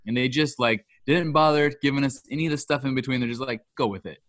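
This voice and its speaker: A man co-hosts a casual podcast, musing through his opinions in a loose, rambling way. His voice sits at an ordinary pitch. The sound is dry, close and free of room echo. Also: quick pace. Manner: relaxed, rambling opinions with fillers. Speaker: podcast co-host. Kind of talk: casual chat.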